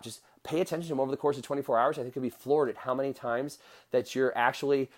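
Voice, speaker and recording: A man's voice: medium pitch, a little mellow. A middle-aged man hosting a motivational podcast, talking straight to his listeners in an earnest, direct way. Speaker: podcast host.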